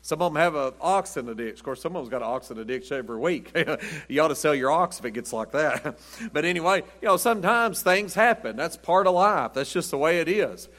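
A man's voice: fairly high pitch, expressive, brisk, a bit bright. A man, preaching a folksy Wednesday night sermon as pastor, chuckling as he tells down-home stories. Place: church sanctuary. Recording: church sanctuary with long reverb.

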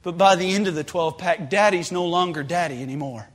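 A man preaching a sermon, passionate and rising to shouted pleas. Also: sits high, fast. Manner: impassioned, builds to shouted pleas. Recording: long hall reverb.

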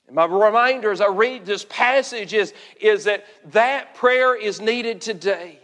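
A man preaching an earnest sermon, often repeating words and slowing down to stress key phrases. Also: high voice, fairly bright tone, big-room sound. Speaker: pastor.

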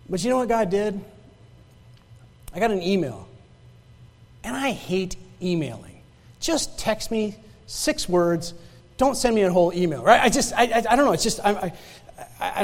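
A man preaching a sermon and sharing his own story in a loose, conversational way, often stumbling over and repeating his words. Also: high-pitched. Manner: conversational, stammering restarts, repeats phrases for emphasis. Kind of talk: sermon with personal testimony. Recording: long hall reverb.

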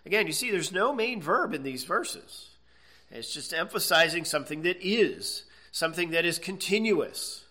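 A man's voice: a little high, lively intonation, moderate pace, bright, forceful tone. A man preaching a sermon, earnest and emphatic, stretching out key words and checking in with "okay?". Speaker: pastor.

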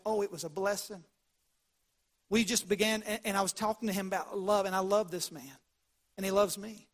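A male pastor preaching a sermon, telling stories with dramatic swings between loud and hushed delivery. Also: high voice.

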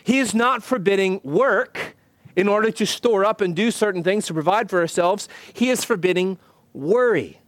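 A pastor preaching a sermon in an earnest, measured way, slowing down to stress key phrases. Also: male voice, sits high, no echo. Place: church.

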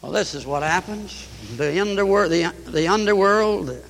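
A man preaching a fiery sermon, swinging from loud emphatic rises down to low, hushed lines, repeating his points for emphasis. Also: moderate pace, creaky. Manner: preaching with sweeping rises to shouts and drops to low tones; repetitive, emphatic. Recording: long hall reverb.

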